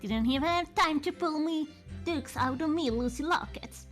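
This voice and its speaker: A woman voicing a rough, working-class male London petty crook with a put-on Cockney accent, slangy and cheeky. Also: high-pitched, normal speed, fairly bright tone, faint music behind.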